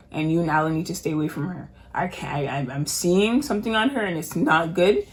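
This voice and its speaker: A woman's voice: lowish voice, expressive, fast, few pauses. A woman co-hosting a podcast, retelling a story in a casual, emphatic way and repeating phrases for effect. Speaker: podcast co-host.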